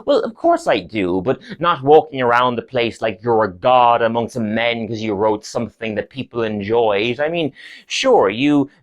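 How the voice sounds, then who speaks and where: A blunt audience skeptic, played by a man, answers in a plain, matter-of-fact voice. His pitch moves freely as he pokes holes in bragging. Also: expressive, normal speed, close to an everyday voice. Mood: deadpan.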